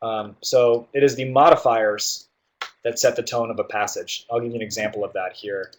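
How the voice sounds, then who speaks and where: Male tutor, mid-pitched, explains test prep casually with lots of "um" and "right?". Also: steady tone, moderate pace. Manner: explanatory, with frequent fillers and "right?" check-ins. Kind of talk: guided test-prep walkthrough.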